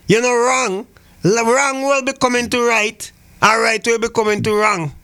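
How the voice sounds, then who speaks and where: An older man from Saint Vincent speaks in a Vincentian Creole accent with a very high, bright, smooth voice. He talks politics in a fiery, preachy way, hammering phrases over and over. The sound is dry and close. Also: steady tone, normal speed, dry recording. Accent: Vincentian Creole English. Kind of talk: heated political talk radio.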